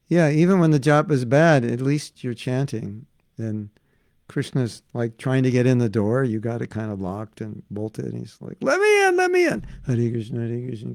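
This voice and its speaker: A man's voice: mid-range voice, creaky, mellow, no echo. An older man giving an informal devotional class, chatting and answering questions from listeners. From United States. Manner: breaks into chanted prayers. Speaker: spiritual teacher.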